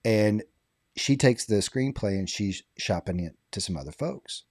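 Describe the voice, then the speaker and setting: A man in a casual podcast chat, spinning an animated anecdote and laughing as he goes. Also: lowish voice, measured pace, no room sound, studio quality.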